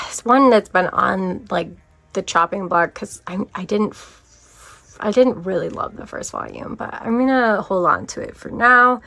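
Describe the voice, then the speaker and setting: A woman manga vlogger in casual, rambling chat, self-deprecating and often trailing off into quieter asides. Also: mid-range voice, vocal fry, dry recording.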